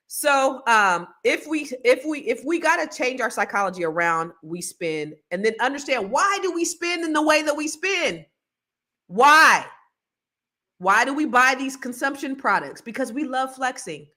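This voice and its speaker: A woman talking casually on a podcast, chatty and energetic, breaking into laughs and quick side notes. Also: a little high. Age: adult with children. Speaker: podcast co-host.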